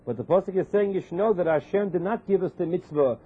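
A man's voice: high-pitched, animated, fast, breathy edge. A man giving a Torah class, translating verses phrase by phrase, mixing in Hebrew terms and reasoning through questions aloud. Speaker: Torah teacher. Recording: tinny phone-like lo-fi recording.

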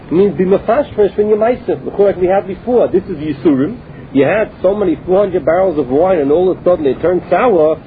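A man's voice: high-pitched, lively intonation, brisk. A man teaching a Talmud class. He reads each phrase of the text and then explains it in plain English. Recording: tinny phone line with faint noise.

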